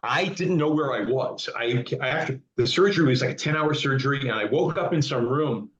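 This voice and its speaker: A man's voice: medium pitch, fairly quick, fairly bright tone, echoey room, slight background noise. A man telling a story as a podcast guest, stammering and repeating words. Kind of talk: casual storytelling. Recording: dull lo-fi recording.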